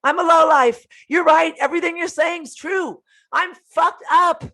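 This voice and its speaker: A woman putting on a high, pleading doormat voice. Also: moderate pace, pushed and bright, full character voice. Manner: pleading, self-deprecating. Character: self-loathing woman begging to be hit.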